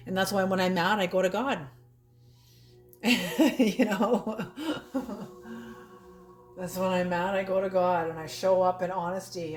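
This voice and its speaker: A woman's voice: medium pitch, measured pace, pauses often, faint music behind. A woman giving a casual spoken tarot reading, blunt and laughing often, swearing freely. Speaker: tarot reader. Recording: roomy echo.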